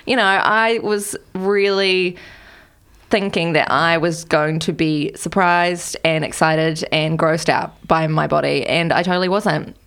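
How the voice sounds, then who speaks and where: A woman's voice: lowish voice, steady tone, measured pace, a bit bright, clean tone. A woman co-hosting a podcast who tells stories in a chatty way and acts out what people said. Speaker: podcast producer and co-host. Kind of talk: casual storytelling chat.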